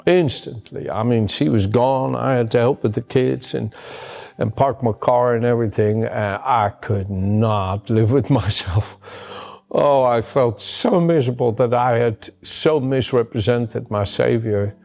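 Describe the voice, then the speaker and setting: A man's voice: medium pitch, unhurried, vocal fry, a little mellow. A man preaching a sermon as a pastor, earnest and emphatic, often repeating his key words. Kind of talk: sermon with personal story.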